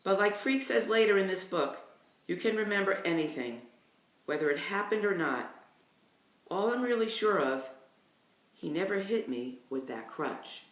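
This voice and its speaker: A woman's voice: medium pitch, lively intonation, normal speed, long pauses. A woman reading a novel aloud in a plain storytelling way, carrying the narrator's casual, slangy speech. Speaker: reader. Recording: roomy, distant from the mic.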